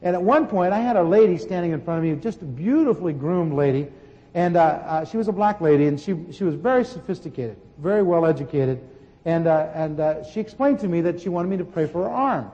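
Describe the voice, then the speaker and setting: A man preaching a sermon and telling healing stories in an animated way, with sudden shouts. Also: a little high, a little fast, dull audio. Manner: animated storytelling, bursts of shouting. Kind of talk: sermon teaching with testimony. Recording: long hall reverb.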